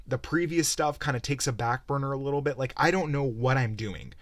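A man's voice: medium pitch, normal speed, dry recording. Young male podcast host, swearing rant, exasperated, rambling, dry close mic. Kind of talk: casual game-review rant.

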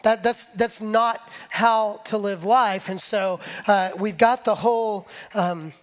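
A man's voice: high voice, steady tone, slow. A man preaching a conversational sermon, leading the congregation and acting out imagined voices as his intensity rises. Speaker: pastor.

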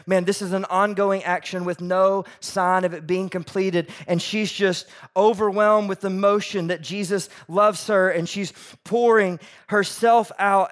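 A man preaching a sermon as pastor, lively and animated, acting out the voices of people in the story he tells. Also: sits high.

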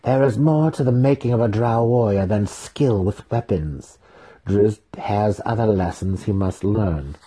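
A man voicing a cold, imperious female dark elf matriarch who speaks in a controlled, measured way. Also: on the low side, breathy edge.

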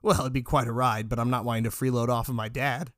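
A man's voice: medium pitch, steady tone, quick pace, fairly bright tone, dry recording, clean studio sound, close to an everyday voice. A man voicing an easygoing, evasive young male cat student, talking in a casual, offhand, slangy way. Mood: defensive.

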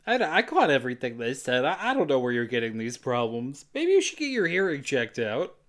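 A man's voice: medium pitch, huge pitch swings, fairly quick, fairly bright tone. Laughing man retelling a movie scene. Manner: laughing, profane, acting out characters' lines. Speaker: podcast co-host. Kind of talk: casual movie recap narration.

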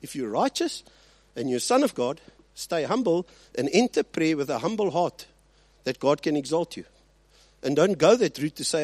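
Animated male preacher. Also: a little high, normal speed, no echo. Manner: animated preaching, swinging between loud emphasis and quiet asides; rhetorical check-ins with the congregation. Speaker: pastor. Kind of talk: sermon.

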